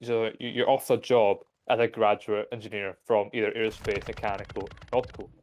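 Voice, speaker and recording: A man's voice: fairly low pitch, flat delivery, fairly quick, darkish tone, a little hiss or hum. A young man, a British streamer rambling profanely in casual chat and laughing at his own jokes. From Britain.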